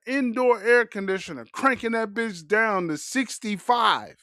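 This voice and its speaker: Man, high voice, loose profane joking, dry close sound, podcast chat. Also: expressive, unhurried, hardly any pauses, bright, forceful tone, dry recording. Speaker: podcast host. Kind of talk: casual comedic chat.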